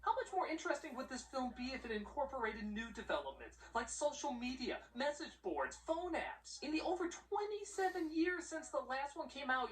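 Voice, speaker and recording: A man's voice: very high-pitched, fairly bright tone. A man giving a comedic film review, sarcastic and exasperated, ranting about what the movie got wrong. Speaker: movie critic. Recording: played back from far, faint noise.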